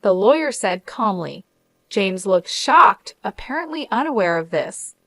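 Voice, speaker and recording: A woman narrates a scripted first-person story in a measured, steady voice. Her pitch sits in a middle range, and the sound is dry and close, with no room around it. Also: no echo.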